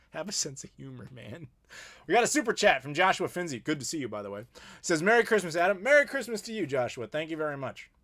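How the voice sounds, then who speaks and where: A man's voice: a little high, very animated, a little fast, fairly bright tone. Opinionated American man hosting a live chat. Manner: opinionated, playful ranting with laughs. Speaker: YouTube host.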